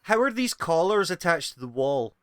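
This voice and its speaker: Player, smooth clear voice, dry close sound, stumbling casual game chat. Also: mid-range voice, very animated, normal speed, no room sound. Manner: hesitant, stumbling over words.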